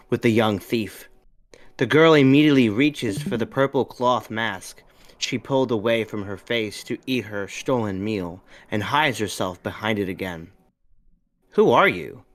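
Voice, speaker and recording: A male podcast co-host reading a story aloud with lively delivery, slipping into character voices. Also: lowish voice.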